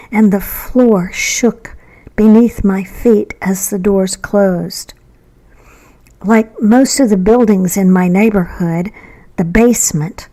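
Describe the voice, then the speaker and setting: A woman reads her own story aloud, building suspense with measured pauses. Her delivery is slow and unhurried. Her tone stays mellow and warm throughout. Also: medium pitch, poor audio. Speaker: author and narrator. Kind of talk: storytelling narration.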